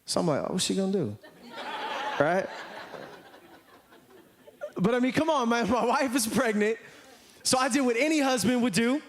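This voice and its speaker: Animated high-voiced American pastor. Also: male voice, normal speed, pauses often. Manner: animated storytelling, acts out voices. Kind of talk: sermon. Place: church.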